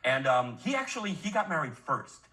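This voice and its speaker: A man's voice: a little high, very animated, fairly quick, very noisy. A man guest answering casually and hesitantly, with fillers, on a comedy panel show. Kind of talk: casual chat.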